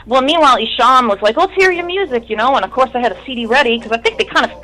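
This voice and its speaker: A woman's voice: a little high, very fast, bright, forceful tone, rough recording. A woman in her thirties, a musician guest in an interview, telling a long story in a candid, rambling, profane way.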